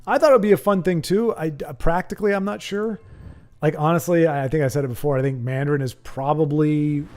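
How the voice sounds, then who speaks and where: A man hosting a livestream, giving rambling, casual commentary on a card game, with sudden excitable outbursts. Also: on the high side, fast, soft background music. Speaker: livestream host.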